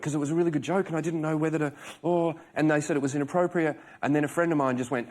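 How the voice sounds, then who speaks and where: A man's voice: a little high, moderate pace, very noisy. A man, a comedian and talk show guest, telling self-deprecating stories and acting out the people in them. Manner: chatty, self-deprecating, acts out voices in stories. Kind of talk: animated chat show storytelling.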